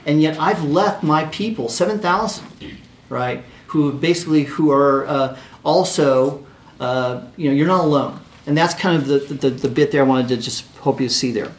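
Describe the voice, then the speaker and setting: Preacher with a higher voice, echoey room. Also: male voice, normal speed. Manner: conversational, with frequent "right?" asides and restarts. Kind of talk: sermon with scripture reading.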